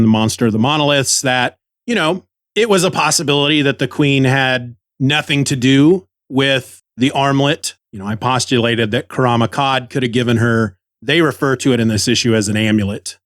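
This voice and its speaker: A man's voice: mid-range voice, fairly bright tone, dry recording. A man hosting a comic book podcast, chatty and enthusiastic, on a close microphone. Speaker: podcast host.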